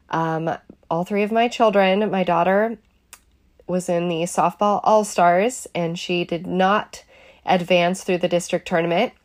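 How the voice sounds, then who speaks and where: A middle-aged woman, hoarse from being sick, hosting a casual, chatty podcast. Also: lowish voice. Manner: chatty, upbeat, laughs often. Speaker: podcast host.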